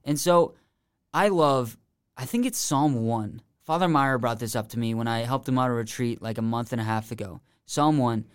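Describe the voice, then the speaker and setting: A young man telling faith stories in a podcast chat. He is earnest and loose, restarting sentences and leaning on "like", and his voice comes across smooth and clean in a dry, close recording. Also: mid-range voice, normal speed, no room sound. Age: young adult. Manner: earnest, rambling, many restarts and "like". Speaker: podcast guest. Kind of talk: casual faith testimony.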